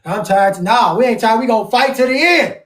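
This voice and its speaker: A man, teaching the Bible in a casual, animated, joking way, drawing out words for emphasis, his voice going hoarse. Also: very high voice. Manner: animated, jokey, drawn-out emphasis. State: losing his voice. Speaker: preacher. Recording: echoey room, far from mic.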